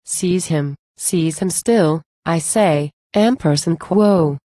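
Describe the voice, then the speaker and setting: A woman's voice: on the low side, takes it slowly, warm tone, dry recording, studio quality. A woman reading the lines of a fat, angry male abbot who barks orders in a recited poem. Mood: furious. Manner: barking orders.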